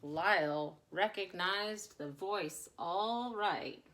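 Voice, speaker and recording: Give me a woman narrating a children's picture book, bright and dramatic. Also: lowish voice, drawn-out words. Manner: expressive, dramatic storybook delivery. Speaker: storyteller.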